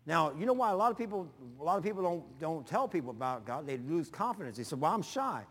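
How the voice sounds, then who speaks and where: Pastor guy preaching, folksy stories, gets loud all of a sudden, kinda high voice, big hall echo. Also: fast talker. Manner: folksy, animated storytelling with sudden loud bursts. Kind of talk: sermon with personal stories.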